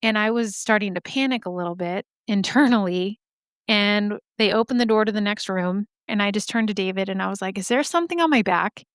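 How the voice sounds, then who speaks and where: A woman's voice: mid-range voice, steady tone, brisk, smooth, dry recording, clean studio sound. A woman podcast host telling a personal story in a candid, chatty way, swearing freely. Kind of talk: casual storytelling.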